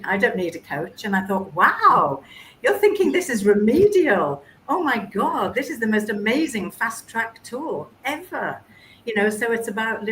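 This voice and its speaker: A woman business coach speaking casually on a webinar panel, chatty and animated with frequent restarts. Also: medium pitch. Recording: echoey room with faint noise.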